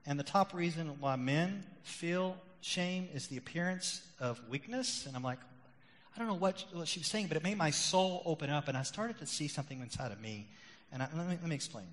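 A middle-aged male pastor preaching a sermon, rising loud and emphatic on key points, then dropping quiet and confessional. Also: a little high, animated, brisk. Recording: long hall reverb.

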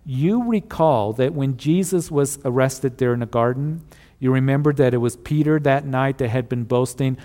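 A man's voice: medium pitch, normal speed, dark tone. A man preaching a sermon, retelling Bible stories in a conversational teaching manner and often asking his listeners to recall earlier passages. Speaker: pastor. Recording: long hall reverb.

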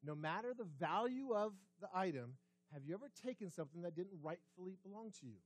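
Pastor guy preaching, high voice bouncing all over, lots of questions to the crowd, close dry sound. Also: expressive, fairly quick, no echo. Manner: conversational preaching with rhetorical questions, dropping to quiet emphasis. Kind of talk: sermon. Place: church sanctuary.

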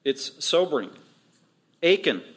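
Male pastor, fairly high voice, emphatic repetitive sermon delivery. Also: very animated, fairly bright tone, slightly rough. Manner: emphatic, repetitive preaching with quick asides.

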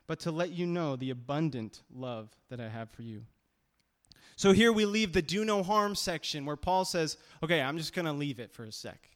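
A man preaching a sermon as pastor, conversational and emphatic, with frequent restarts. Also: fairly high pitch. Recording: long reverb of a hall.

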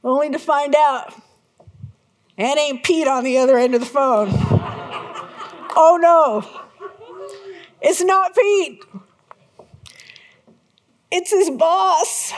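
Animated woman preaching a sermon. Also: high-pitched, extremely slow, long pauses, slight background noise. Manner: animated storyteller, acts out her own panic in shouts. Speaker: pastor. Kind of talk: sermon with personal story.

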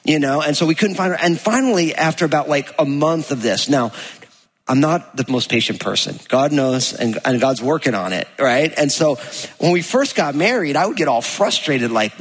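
A pastor from New Jersey giving a sermon, telling stories in a chatty way and acting out quotes. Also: male voice, on the high side, lively intonation, brisk, breathy edge. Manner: chatty storytelling, acts out quotes. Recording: long hall reverb.

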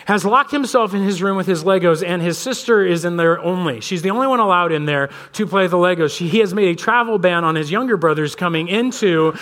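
High-voiced man preaching casually. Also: a little fast, hardly any pauses. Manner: conversational storytelling, animated voices for his kids. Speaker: pastor. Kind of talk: sermon. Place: church sanctuary.

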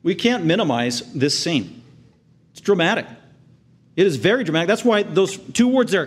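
A man delivers a sermon in a somewhat high voice. He sinks to quiet, tender passages and then climbs into loud, excited bursts as he acts out the crowd's outrage. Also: moderate pace, long pauses, slightly rough. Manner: earnest preaching, swings from hushed tender lows to loud excited highs. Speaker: pastor.

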